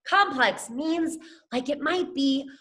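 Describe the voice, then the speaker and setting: A woman's voice: high voice, slow pace, fairly bright tone. A young adult woman teacher giving a phonics lesson to children, upbeat and encouraging, talking to them as friends. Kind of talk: scripted classroom lesson to camera.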